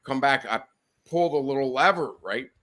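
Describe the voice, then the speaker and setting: A man's voice: medium pitch, expressive, moderate pace, a bit bright. A man casually telling rambling, profane anecdotes on a podcast, laughing as he goes. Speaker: podcast guest telling stories. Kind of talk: casual storytelling chat.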